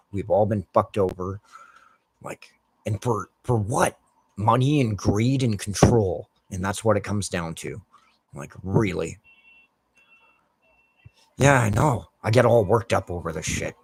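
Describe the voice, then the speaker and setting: Man, American, low voice, dry sound, swearing, rambling gameplay rant. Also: creaky, breathy edge, no echo. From United States. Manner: heavily profane, heated ranting. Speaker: gaming streamer. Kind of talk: rambling commentary over gameplay.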